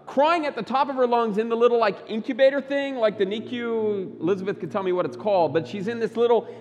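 A man preaching a Sunday sermon as pastor, emphatic, swinging between loud bursts and quiet low lines. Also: fast, long reverb tail, muffled recording. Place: church sanctuary.

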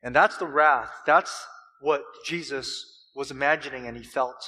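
Impassioned high-voiced male preacher. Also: sharp tone. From California. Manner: impassioned preaching with dramatic pauses and swells. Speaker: pastor. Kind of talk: sermon. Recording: long hall reverb.

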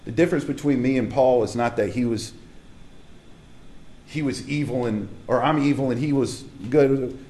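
A man's voice: mid-range voice, moderate pace, dark tone. A man preaching a casual, conversational sermon as a pastor, speaking emphatically and straight to his congregation in a church hall.

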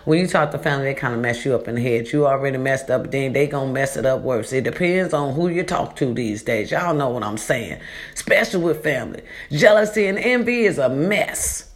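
A woman's voice: very deep voice, lively intonation, a little fast. A woman vlogger talking casually in an echoey borrowed room, giving chatty, preachy life advice and calling her listeners baby and y'all. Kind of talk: casual motivational monologue.

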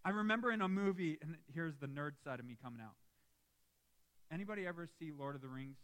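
A young man preaches from the pulpit of a church, his voice pitched high. The sound is bright and forward, and he presses his points hard, then breaks off to joke with the congregation. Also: fast talker. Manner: lively, emphatic preaching with asides to the congregation. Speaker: pastor. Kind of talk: sermon. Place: church sanctuary.

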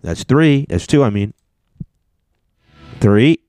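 A man's voice: medium pitch, lively intonation, slow, darkish tone, clean tone, faint music behind. A man hosting a podcast, giving loose, jokey commentary as he reacts to video clips. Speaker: podcast host.

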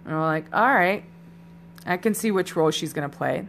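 A woman with a low voice hosts a solo podcast, rambling casually and talking straight to her listeners. She sounds a little tipsy. A faint hum runs under the recording. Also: quick pace, creaky. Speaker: podcast host.

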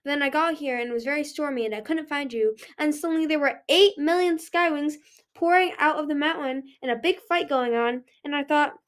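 A woman's voice: sits high, brisk, voice pushed up, close to an everyday voice. A woman voicing an awkward, kind young male sea dragon who rambles hesitantly. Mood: nervous.

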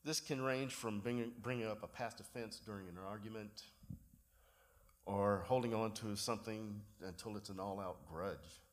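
A man delivers a sermon from the pulpit. His voice sits a little low, and he tells everyday stories in a relaxed way, poking gentle fun at himself as he goes. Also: moderate pace. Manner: relaxed storytelling with self-deprecating humor. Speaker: pastor.

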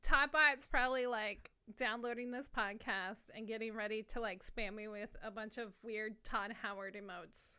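Woman, podcast co-host, casual chat, giggly, animated, swears a lot, slightly high voice. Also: normal speed, few pauses, smooth.

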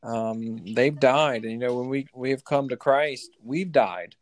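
A man's voice: mid-range voice, measured pace, a little hiss or hum. A man, a pastor, explaining faith plainly and directly with rhetorical questions. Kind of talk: sermon-like explanation.

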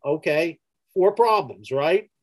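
High-voiced man telling an emphatic story. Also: animated, slow pace, poor audio. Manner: emphatic, repeats key words. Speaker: therapist. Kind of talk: storytelling in conversation.

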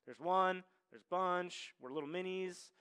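A man's voice: high-pitched, measured pace, sharp tone, clean tone. A man preaching a sermon as pastor, in a loose conversational way, often checking in with "right?" and acting out the voices in the passages he reads. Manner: conversational, tags lines with "right?", acts out quoted voices.

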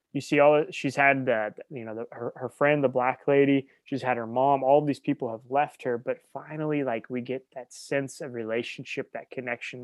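A man's voice: mid-range voice, no room sound. A man co-hosting a casual podcast chat, talking eagerly and gushing about what he loves. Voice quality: enthusiastic, gushing. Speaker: podcast co-host.

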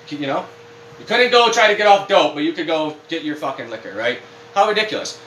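An animated man rambles through a casual podcast rant, cursing freely. His voice is bright and lively, with lots of rise and fall. The sound is roomy, with faint ambience behind it. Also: a little high, far from the mic, slight background noise. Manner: rambling, profane, animated ranting. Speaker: podcast co-host.

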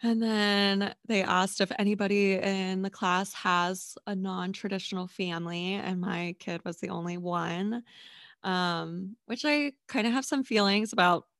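A woman's voice: medium pitch, fairly even intonation, unhurried, a bit bright, no room sound. Reassuring woman on a dry mic. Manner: earnest, reassuring, affirming. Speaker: therapist, podcast guest. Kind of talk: casual podcast conversation.

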